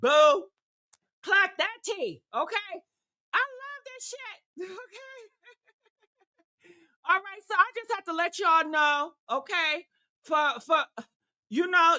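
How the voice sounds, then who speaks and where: A brash, profane woman in her sixties hosting a casual commentary show. Her voice sits high and sounds bright and forceful. She talks with plenty of sass. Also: expressive, moderate pace. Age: 60s. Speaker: commentary host.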